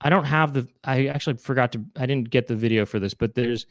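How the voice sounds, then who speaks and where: A man's voice: medium pitch, quick pace, no room sound, clean studio sound. A man hosting a casual live online chat show, rambling and correcting himself as he explains how to join. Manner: rambling, self-correcting, breaks into silly impressions. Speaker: show host.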